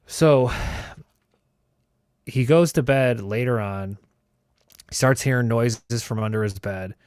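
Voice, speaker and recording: A man's voice: mid-range voice, takes it slowly, darkish tone, clean tone, no room sound, studio quality. Loose, profane man telling a story. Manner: loose and profane, heavy with fillers. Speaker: host. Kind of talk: casual storytelling.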